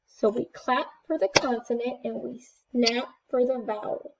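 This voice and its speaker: A woman teaching a first grade class remotely, speaking in slow, clear, encouraging steps. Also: on the high side, a little mellow, highs cut off.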